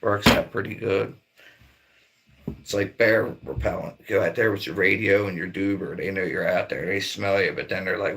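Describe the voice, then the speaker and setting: Middle-aged livestream host from Maryland, low gravelly voice, rambling and swearing. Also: male voice, steady tone, normal speed, a bit bright. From Maryland, near Baltimore. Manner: rambling, laid-back, swears a lot. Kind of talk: casual livestream chat.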